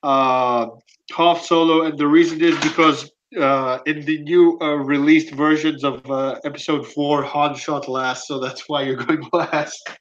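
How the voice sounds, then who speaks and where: A man hosting a casual online panel chat, talking haltingly with many pauses. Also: fairly high pitch, fairly even intonation. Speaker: stream host. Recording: dull lo-fi mic.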